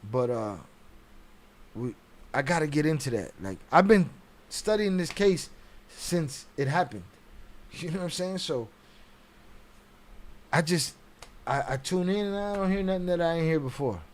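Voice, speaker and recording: A man hosting a casual live stream, reacting to chat with blunt, profane talk and frequent laughs. His voice sits somewhat high for a man. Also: lively intonation, unhurried, pauses often.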